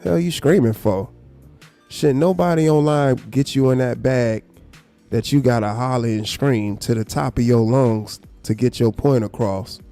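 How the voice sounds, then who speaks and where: Gravelly man ranting calmly. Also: soft background music. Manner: calm, low, unhurried speaking tone; blunt and profane. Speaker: live stream host. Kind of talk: casual commentary rant.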